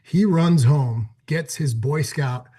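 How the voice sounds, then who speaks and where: A middle-aged man from Cleveland, a former pro football player, telling an animated story as a guest on a talk show. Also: fairly high pitch, takes it slowly, slightly rough. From Cleveland, Ohio, USA. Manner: energetic, acts out quoted exchanges.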